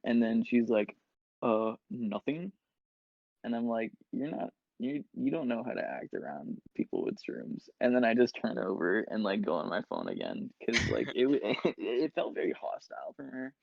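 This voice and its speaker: A man's voice: medium pitch, huge pitch swings, normal speed, gravelly, hardly any pauses, no room sound. A young man and podcast co-host telling a long casual story, full of filler words and acted-out quotes. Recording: dull lo-fi podcast mic.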